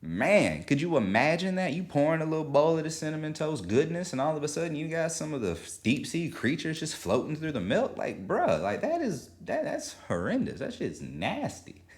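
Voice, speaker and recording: A man hosting a solo podcast, talking in casual, animated commentary, swearing freely and acting out quotes. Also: on the high side, moderate pace, few pauses. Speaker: podcast host.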